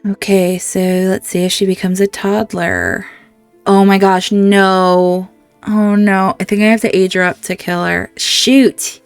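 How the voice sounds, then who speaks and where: A woman's voice: medium pitch, flat delivery, measured pace, clear, resonant tone, no echo, soft background music. A woman hosting a let's-play, chatting through the game and reacting emotionally to what happens on screen. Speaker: gaming channel host.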